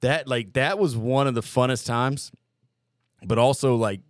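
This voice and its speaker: A man's voice: medium pitch, measured pace, no room sound, clean studio sound. A man telling boot camp war stories in a casual podcast chat, profane and rambling, full of filler words. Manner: rambling, profane, lots of "like" and "dude".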